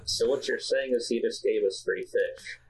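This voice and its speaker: A man's voice: mid-range voice, normal speed, a little hiss or hum, poor audio. A man playing a tabletop game, chatting casually and making wry jokes. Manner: joking, wry. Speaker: player.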